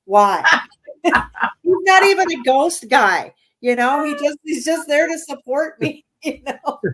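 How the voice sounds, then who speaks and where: A woman's voice: high voice, measured pace, a bit bright. Chatty woman telling ghost stories. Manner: chatty, laughs often, many fillers. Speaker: guest. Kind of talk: casual interview storytelling.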